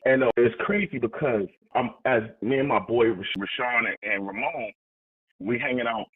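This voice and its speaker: A husky man from New tells a personal story, talking casually and acting out the people in it. His voice sits at a middle pitch. The sound is thin and tinny, like a phone line. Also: normal speed. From New York. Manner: animated, conversational, acts out quoted dialogue. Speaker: motivational speaker.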